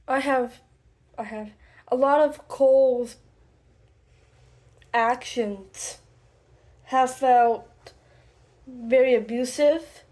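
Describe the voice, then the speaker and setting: A woman talking to the camera about something personal, slowly and haltingly, with many pauses and restarts. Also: high voice, darkish tone. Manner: slow, halting, deliberate with frequent pauses and restarts. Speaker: vlogger.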